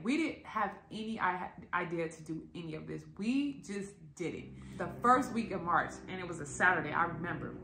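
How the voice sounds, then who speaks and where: A woman telling a story to her viewers in a casual, animated and profane way, acting out the quotes. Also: on the low side. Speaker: vlogger. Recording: echoey room.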